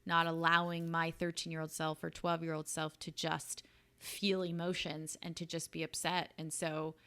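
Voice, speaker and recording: A woman's voice: low voice, level tone, normal speed, bright, forceful tone, clear, resonant tone. A woman co-hosting a podcast, telling a personal story in a casual, earnest and emotional way. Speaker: podcast co-host. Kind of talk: casual chat.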